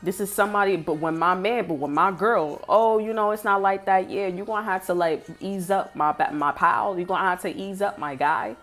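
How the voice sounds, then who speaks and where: A woman's voice: lowish voice, a little fast, hardly any pauses, a bit bright, soft background music. A woman giving a casual spoken tarot reading, blunt, heated and full of swearing. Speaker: tarot reader.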